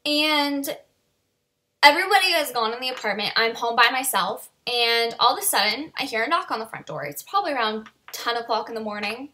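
A woman's voice: fairly high pitch, brisk, sharp tone. A woman in her twenties telling a story in a casual vlog, chatty and full of "like" and "you know". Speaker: vlogger.

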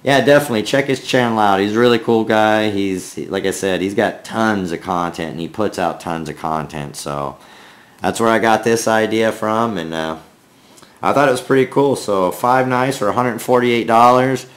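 A deep-voiced man with a Minnesotan accent hosts a casual vlog. He talks in a folksy, rambling way, filling pauses with "uh" and "I mean". He grew up in the American South. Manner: rambling, folksy, lots of fillers. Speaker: knife review channel host.

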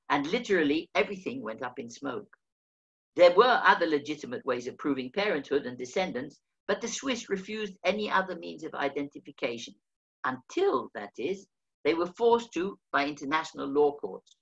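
Older male author reading his memoir, wry and measured, on a dull lo-fi recording. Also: on the high side, expressive. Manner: measured, wry first-person storytelling.

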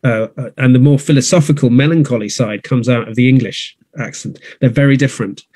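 A man's voice: mid-range voice, brisk, a little mellow, breathy edge, no room sound. A man, a theatre producer, talking in a thoughtful, conversational way with many restarts and fillers. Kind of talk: conversational interview. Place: north of England.

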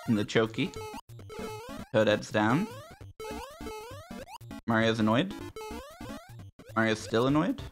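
A man narrates his gameplay in a bright, forceful voice, swearing at the other players. His exasperation shows in every line. Faint game music plays behind him. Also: mid-range voice. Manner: frustrated, profane, exasperated muttering at other players. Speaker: gaming YouTuber. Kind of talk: gameplay commentary.

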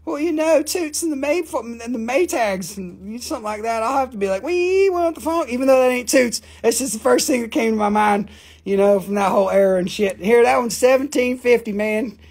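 A husky, slightly breathy voice runs a loose live-stream sale from a family rock shop. The talk rambles between prices and profane jokes, with bursts of laughter in the rhythm. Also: mid-range voice, fairly quick, a little mellow. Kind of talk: casual live sales show.

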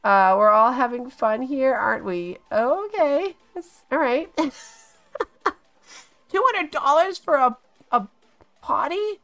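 Gushing, excitable woman with a lively high voice. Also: slow, pauses often, faint music behind. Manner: gushing, excitable, gasps and laughs often. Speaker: gaming channel host. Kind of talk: casual game commentary.

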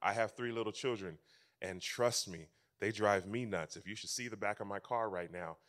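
A man preaching a sermon as pastor, telling stories with animation and swinging between loud and soft passages. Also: on the low side, normal speed.

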